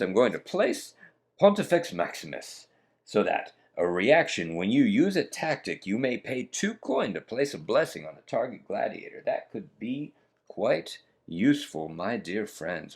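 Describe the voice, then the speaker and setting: A man hosts a solo board game playthrough with a chatty, theatrical delivery, often calling his viewers folks. His voice sits low and has a gravelly edge. His pitch swings widely as he talks through each move. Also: big pitch swings, moderate pace.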